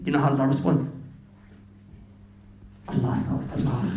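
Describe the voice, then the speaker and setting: A man's voice: mid-range voice, normal speed, pauses often, warm tone, roomy sound, a little hiss or hum. A man preaching an impassioned street sermon, talking straight to the young men listening as brothers and slipping into slang. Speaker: Islamic preacher.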